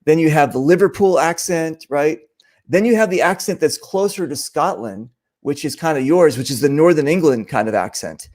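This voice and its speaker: A male host leads a relaxed interview chat, drifting through fillers and side remarks. His voice sits somewhat higher than most men's. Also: moderate pace. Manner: loose, lots of fillers.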